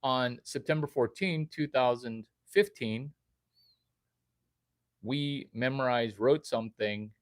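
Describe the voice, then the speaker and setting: Erratic, quizzing man speaking slowly. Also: medium pitch, dry recording, studio quality. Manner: erratic, quizzing, jumps between topics. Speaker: vlogger addressing viewers. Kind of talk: rambling direct-to-camera monologue.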